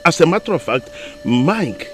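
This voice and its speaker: A man's voice: on the high side, sing-song, moderate pace, fairly bright tone, faint music behind. A man with a Nigerian accent playing a chief's representative who argues hotly in a village council. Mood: arguing. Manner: argumentative, indignant. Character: defiant chief's representative, quick to anger.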